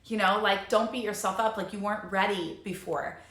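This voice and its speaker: A woman's voice: mid-range voice, fairly even intonation, fairly quick, fairly bright tone. Bubbly, chatty woman in an echoey room. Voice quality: bubbly, chatty, many fillers. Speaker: life coach. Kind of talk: casual live-stream talk.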